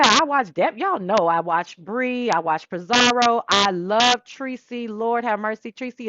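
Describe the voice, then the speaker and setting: A woman's voice: on the high side, a bit bright, no room sound. Female talk host, chatty and loose, prone to mimicking people; lo-fi dry recording. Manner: chatty, drops into quick impressions of people. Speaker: show host. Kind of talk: casual solo chat.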